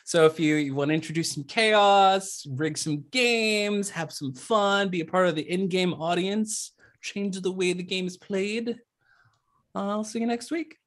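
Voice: medium pitch, a little slow. A player chatting casually and cheerfully about an upcoming game. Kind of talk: casual chat.

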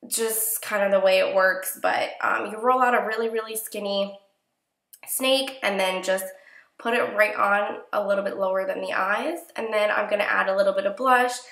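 A young woman with a nasal, congested voice from a cold gives chatty, relaxed step-by-step crafting instructions in a casual voice-over. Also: mid-range voice, normal speed, roomy sound. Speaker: crafting tutorial host.

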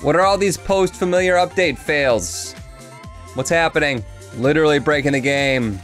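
A man's voice: a little high, normal speed. A man hosting his own gaming channel, chatting jokily through a let's play. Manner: excitable, jokey, chatty with the game. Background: game music.

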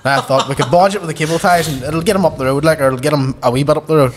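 A man's voice: a little high, very fast, slight background noise. A man with a Derry accent, a podcast guest telling a long story and acting out the dialogue, swearing freely. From Derry, Northern Ireland. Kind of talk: casual storytelling.

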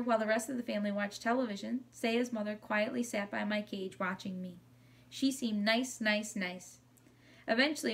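A woman reading a children's chapter book aloud in a gentle, expressive way. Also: medium pitch, far from the mic. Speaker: audiobook reader.

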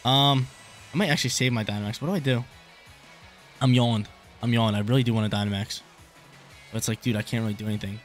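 A man's voice: on the low side, very fast. A young man thinking aloud as he commentates his own game, casual and full of slang, often repeating his lines. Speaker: gaming YouTuber. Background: game music.

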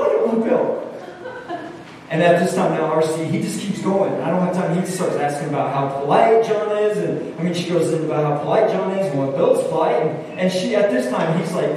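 A male pastor with a high voice preaches in an animated, storytelling way, often restarting his sentences. He is heard from a distance in a large, echoing hall, with a faint hum of ambience behind him. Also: brisk, few pauses. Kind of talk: sermon. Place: church hall. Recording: echoey hall from far off.

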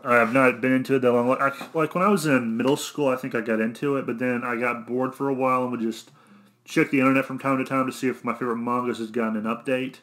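A young man from Arkansas with an Arkansan accent, rambling through a solo rant in a monotone, blunt and cynical, often correcting himself. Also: mid-range voice, fast. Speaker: vlogger.

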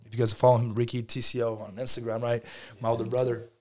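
A man's voice: medium pitch, quick pace. A man in his thirties, a podcast guest, telling his story in casual chat, acting out the dialogue and calling everyone "bro". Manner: animated storyteller, acts out dialogue, says "bro" constantly.

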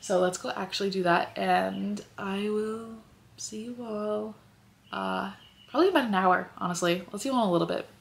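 A woman's voice: medium pitch, normal speed, creaky, a little hiss or hum. A woman chatting casually and upbeat about her book haul in a vlog, rambling a little and a bit out of breath, talking from her car. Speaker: book vlogger.

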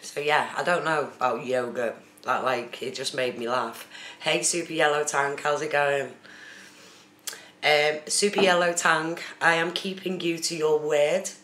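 A woman's voice: low voice, fairly even intonation, measured pace, a bit bright. A woman from the UK chatting casually on a live stream, reading out viewer comments and answering them. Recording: echoey room with faint noise.

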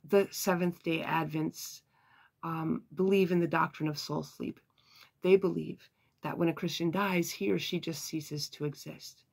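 A Bible teacher giving an earnest, measured devotional lesson, with occasional sighs and fillers. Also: mid-range voice, fairly even intonation, creaky, breathy edge.

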